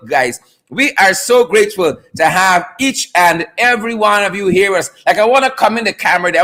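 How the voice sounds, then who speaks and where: Guy hosting a live stream, high bright voice, loud and playful, chanting catchphrases. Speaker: live show host. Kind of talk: hyped live stream chat.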